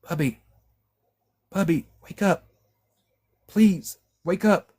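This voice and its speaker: A man's voice: sits high, takes it slowly, a little mellow, breathy edge, voice pushed up, full character voice. A man voicing a grieving young woman who pleads in a choked, tearful voice. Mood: pleading.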